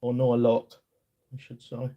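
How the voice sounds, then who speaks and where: A man's voice: medium pitch, monotone, measured pace, lo-fi sound, noisy background. A middle-aged man with a London accent chatting casually to his live-stream viewers as he works at a bench, rambling and self-deprecating. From England. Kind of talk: casual live-stream chat while working on a workbench.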